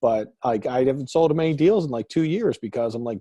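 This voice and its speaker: A man's voice: medium pitch, animated, a little fast, warm tone, a little hiss or hum. A man hosting a casual group call as a coach, talking bluntly and animatedly, swearing now and then. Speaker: host and real estate coach. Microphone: group call audio.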